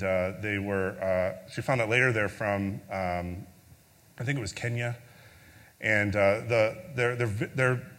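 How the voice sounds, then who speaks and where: A man's voice: fairly low pitch, a bit bright, in a large hall. A man preaching a sermon as a pastor, telling a story in a conversational way with filler words, then leading a prayer.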